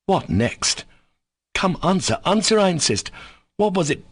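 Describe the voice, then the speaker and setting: A man voicing a furious, proud young Russian gentleman who shouts commanding accusations in an audiobook reading. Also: sits high, sing-song, unhurried, slightly rough, no echo, studio quality, pitched above the performer's own voice, exaggerated voice.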